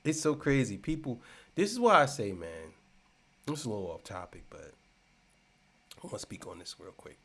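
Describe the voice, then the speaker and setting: A man giving a casual commentary rant, repeating himself and swinging between loud and soft. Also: lowish voice, sing-song, moderate pace, pauses often, slight background noise. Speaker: commentary channel host.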